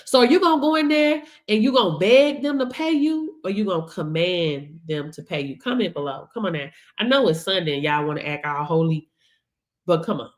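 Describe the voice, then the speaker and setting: A woman hosting a business workshop livestream, preaching with frequent laughs and call-outs to the audience. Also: medium pitch. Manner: preachy, laughs often, keeps asking "hello?". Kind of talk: motivational livestream talk.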